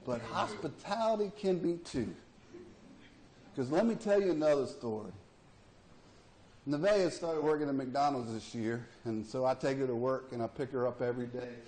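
A man's voice: medium pitch, normal speed, darkish tone. A middle-aged man, preaching a sermon in a folksy, plainspoken way and acting out the voices in his stories. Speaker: pastor. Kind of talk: sermon with storytelling.

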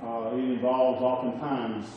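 Man, middle-aged, preaching a sermon, conversational, distant mic, boomy reverb. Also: level tone, unhurried. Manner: conversational, asks the audience "okay?" and "right?". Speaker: pastor. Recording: echoey room from far off, dull and noisy.

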